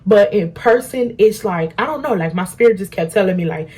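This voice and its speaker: Husky young woman telling a storytime. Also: medium pitch, a little fast. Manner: animated, slangy storytelling that acts out quotes. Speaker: beauty vlogger. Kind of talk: storytime chat while doing makeup. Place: at home.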